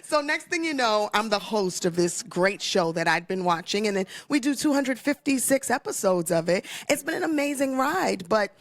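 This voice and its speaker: A woman, a TV host telling her career story in a conversational interview, animated and acting out quotes. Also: medium pitch, moderate pace, hardly any pauses. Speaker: interview guest, TV host and real estate investor.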